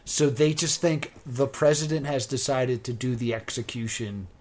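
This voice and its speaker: A man casually recapping a TV episode with a co-host, animated when quoting scenes. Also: medium pitch, moderate pace. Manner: animated retelling, bursts into loud quoted exclamations. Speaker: podcast co-host. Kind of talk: casual chat recapping a TV show.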